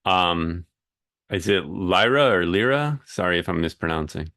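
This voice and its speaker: Deep gravelly guy running the meeting, laid back and encouraging, dry sound. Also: flat delivery, normal speed, bright, forceful tone, dry recording. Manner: casual, encouraging. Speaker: moderator. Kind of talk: moderating a teach-in.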